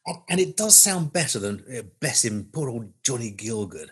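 A man's voice: medium pitch, sing-song, moderate pace, few pauses, fairly bright tone, slightly rough. A man co-hosting a podcast, chatting casually in a jokey, playful, mock-grand way. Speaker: podcast co-host. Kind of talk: casual chat.

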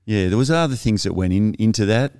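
A middle-aged man speaks as a podcast guest, his voice low, smooth and resonant. He tells his own story in a reflective, halting way, often restarting his sentences. The sound is dry, with no room echo. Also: a little mellow. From Australia. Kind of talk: casual personal storytelling.

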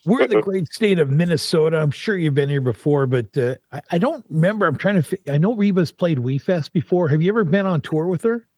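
A man's voice: a little high, animated, brisk, hardly any pauses, a little mellow, slightly rough, dry recording. Easygoing male radio co-host. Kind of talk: radio talk show hosting.

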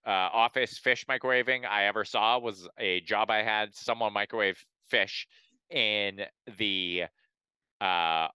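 A man's voice: on the low side, pushed and bright, clean tone, no echo. A man co-hosting a casual comedy podcast, swearing freely and riffing through stories with amused, rambling energy. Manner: profane, rambling, amused storytelling. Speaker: podcast co-host.

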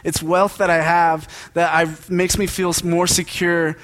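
A man's voice: on the high side, flat delivery, fairly bright tone. A young man giving a casual, joking sermon as a preacher, talking to the congregation like friends. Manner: conversational and joking, with quick asides.

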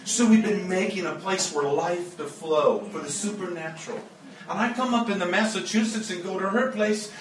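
A high-pitched man from the Joplin, Missouri area gives an earnest, emotional storytelling sermon. His voice echoes around a church room, picked up from some distance. Faint background hiss sits under it. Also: normal speed. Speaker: guest preacher.

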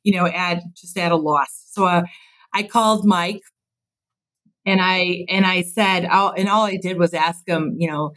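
A woman in her fifties from Chicago talks through her career as a guest on an interview show. Her voice sits on the low side and stays earnest and reflective, with an easy willingness to laugh at her own choices. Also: fairly even intonation, a little slow, a bit bright, rough recording. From Chicago, USA. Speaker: construction executive, podcast guest. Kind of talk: casual interview storytelling.

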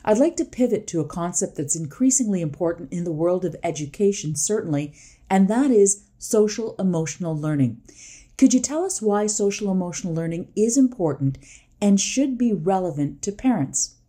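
A woman interviewing a guest, posing careful, measured questions. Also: lowish voice, animated, dark tone.

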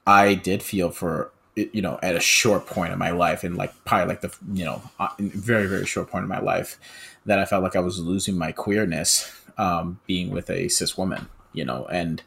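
A podcast speaker with a very low, gravelly voice full of vocal fry. He talks haltingly and reflectively, leaning on "you know" as he thinks aloud. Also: steady tone, a bit bright. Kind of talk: casual podcast conversation.

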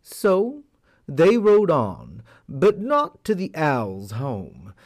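A man telling a folk tale aloud as a storyteller, in an expressive, unhurried manner. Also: a little high. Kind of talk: animated storytelling.

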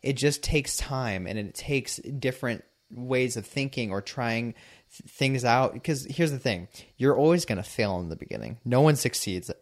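Chill guy talking straight, says like a lot, average pitch. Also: normal speed. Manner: relaxed, frank, sprinkled with "like". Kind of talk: casual chat.

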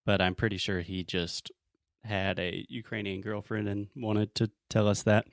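A man's voice: fairly low pitch, level tone, normal speed, no echo, clean studio sound. A man with a Southern US accent, an English teacher explaining in a casual chat, often acting out sample quotes. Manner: explains with acted-out example quotes.

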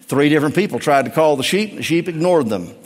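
A man's voice: on the high side, lively intonation, fast talker. Middle-aged male pastor preaching in reverb. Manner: emphatic preaching that swings between raised and hushed delivery. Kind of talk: sermon.

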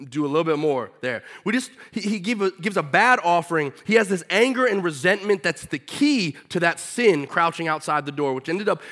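A man delivering a sermon in an animated, casual manner, slipping into slang. His voice sits a bit high and has a bright, forward edge. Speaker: preacher.

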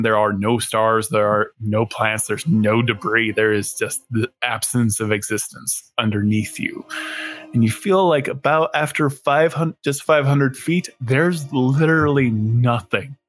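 A man with a medium-pitched voice serves as game master for a tabletop game, narrating scenes at an unhurried pace.

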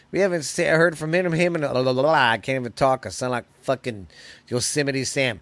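A man's voice: medium pitch, animated, normal speed, creaky, a bit bright, no room sound. A man hosting a podcast, telling news stories in a loose, profane, rambling way. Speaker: podcast host. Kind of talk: casual podcast chat.

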